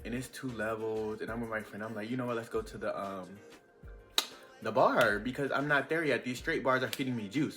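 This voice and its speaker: A young man telling a casual storytime vlog, chatty and animated with lots of fillers. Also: medium pitch. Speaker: vlogger.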